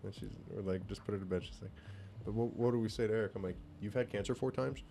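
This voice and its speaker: A man's voice: fairly low pitch, fast talker, gravelly, dark tone, a little hiss or hum. A laid-back man telling a rambling story in casual podcast chat, swearing now and then. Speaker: podcast co-host.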